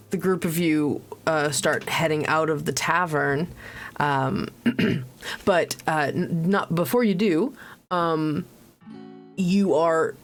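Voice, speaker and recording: A woman narrating as game master of a tabletop game, halting with many pauses and restarts. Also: low-pitched. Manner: halting, lots of ums and restarts, laughs. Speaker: dungeon master.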